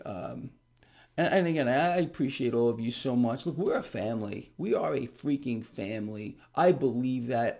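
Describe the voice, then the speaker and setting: A middle-aged man doing a casual market commentary vlog to camera, sarcastic and animated, mocking officials with sudden outbursts. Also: medium pitch, gravelly.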